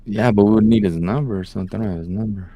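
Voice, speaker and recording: A man's voice: on the low side, rapid-fire, dry recording, dull audio. A young man co-hosting a podcast, telling a story in casual chat, slangy and profane. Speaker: podcast co-host.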